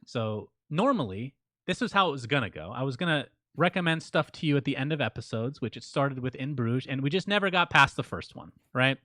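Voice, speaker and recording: A man co-hosting a laid-back podcast, trading deadpan jabs with his partner. His voice sits at an ordinary middle pitch, recorded close and dry with no room sound. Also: fairly quick, few pauses, no echo. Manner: dry teasing, deadpan ribbing; reads listener names out as shout-outs. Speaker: podcast co-host. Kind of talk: casual podcast banter.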